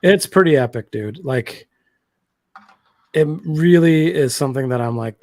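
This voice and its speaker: A man's voice: mid-range voice, normal speed, gravelly, darkish tone. A man in his thirties co-hosting a casual livestream chat, enthusiastic and rambling, full of slang and fillers. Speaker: co-host.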